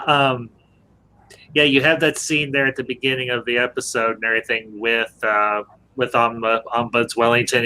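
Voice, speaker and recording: A man's voice: mid-range voice, pushed and bright, slight background noise. A man hosting a casual live-stream review chat, joking around, laughing often and greeting viewers.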